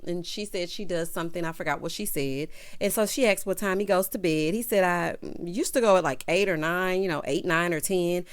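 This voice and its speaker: A woman's voice: medium pitch, brisk. A woman giving a sassy, chatty recap of a reality TV episode, acting out the cast's lines as she goes. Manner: sassy, animated, acts out cast quotes. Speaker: show recap host. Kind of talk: casual TV recap commentary.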